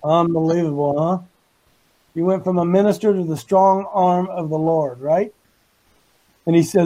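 A man's voice: sits high, expressive, moderate pace, dark tone, rough recording. A man teaching the Bible in a folksy, emphatic way, paraphrasing scripture in slang. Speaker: Bible teacher on a talk show. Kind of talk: folksy preaching Bible study.

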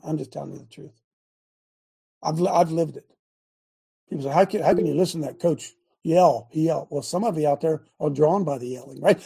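Man, fiery preacher-coach, high voice, gravelly, husky, repeats lines, shouts now and then. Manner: loud, preachy, repeats himself, shouts at times. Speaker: host and coach.

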